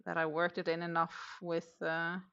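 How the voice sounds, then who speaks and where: Female crochet streamer, casual rambling chat with viewers, lowish gravelly voice with a bright edge. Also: completely flat delivery, moderate pace, highs cut off. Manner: chatty, rambling, reads viewer comments aloud. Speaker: crochet livestream host.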